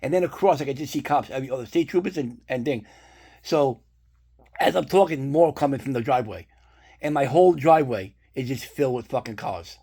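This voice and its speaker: Husky New man telling a story. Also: medium pitch, fairly quick. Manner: rambling, profanity-laced, animated retelling. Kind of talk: casual storytime.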